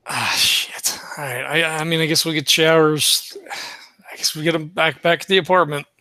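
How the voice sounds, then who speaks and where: A man playing a tabletop role-playing game, talking quickly with stammering restarts. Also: on the high side, fairly even intonation, sharp tone, dry recording. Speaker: player. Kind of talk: casual tabletop play.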